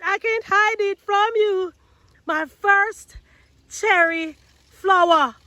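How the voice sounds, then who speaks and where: A woman with a high voice hosts a casual gardening vlog from outdoors. She talks chattily to her viewers, calling them guys and y'all. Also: takes it slowly, bright, forceful tone, no echo, low-quality recording. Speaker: gardening channel host.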